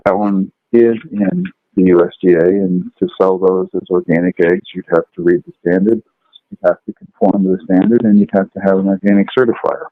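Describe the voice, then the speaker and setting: A man teaching food law, telling long lively stories and acting out the people in them. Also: low voice, brisk, no echo. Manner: animated, acts out characters in his stories. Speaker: food law lecturer and podcast guest. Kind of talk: lively storytelling chat. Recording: dry, phone-like line.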